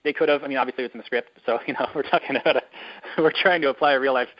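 A man hosting a casual chat, telling a long story in a rambling, drawn-out way with many fillers. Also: mid-range voice, fairly even intonation. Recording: dull lo-fi recording.

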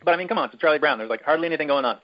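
A man's voice: a little high, very fast, lo-fi sound. A man hosting a podcast, recapping a movie in a rambling, chatty and irreverent way. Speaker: podcast host. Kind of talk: casual chat, movie recap.

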